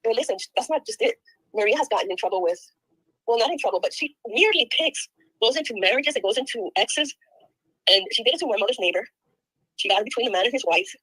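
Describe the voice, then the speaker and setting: Fast-talking, husky older woman. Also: a little high, lively intonation, fairly bright tone, no room sound, low-quality recording. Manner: rapid, aggrieved venting. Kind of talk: casual chat.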